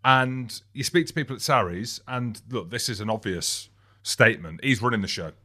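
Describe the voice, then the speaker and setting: Bright, forceful joking man. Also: medium pitch, normal speed. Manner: joking, storytelling, teasing. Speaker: podcast co-host, former rugby player. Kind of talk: casual sports chat.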